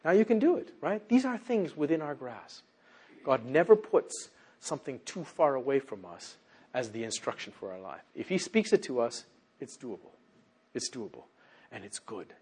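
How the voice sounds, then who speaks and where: A male pastor delivering a sermon with a lively, wide-ranging pitch that leaps high on emphasis. His voice is somewhat husky, and he drops to quiet, low tones between his louder exhortations. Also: brisk. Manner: animated preaching, swinging from loud emphasis to hushed low tones.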